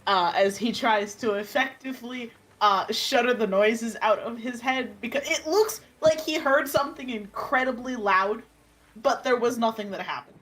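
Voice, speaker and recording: A woman player in a tabletop game, calmly describing her character's actions, with pauses to think. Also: on the high side, rough recording. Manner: calm, descriptive, with filler pauses.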